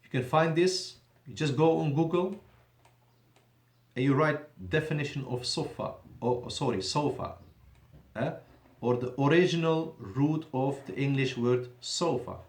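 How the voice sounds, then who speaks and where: A man teaching a language class in a mosque, slowing down to stress key words and correcting himself as he goes. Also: fairly high pitch, a little mellow. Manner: deliberate, drawn-out emphasis on key words; switches between Arabic and English, self-correcting. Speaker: Arabic teacher. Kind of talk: classroom lesson. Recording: echoey room.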